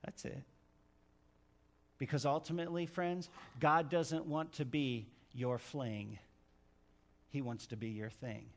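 A man preaching a sermon, telling stories with dramatic swings from hushed to loud. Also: mid-range voice, steady tone, slow pace, pauses often. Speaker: pastor.

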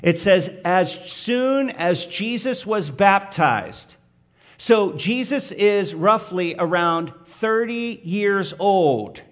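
A man's voice: high voice, expressive, slow pace. A man preaching a sermon, addressing the listeners directly with questions and building emphasis on key points. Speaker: pastor.

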